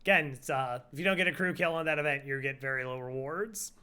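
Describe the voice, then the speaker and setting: A man's voice: on the high side, fast talker, noisy background. A man casually reviewing a game run, laid-back, critiquing it with short quips. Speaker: co-host reviewing the old run.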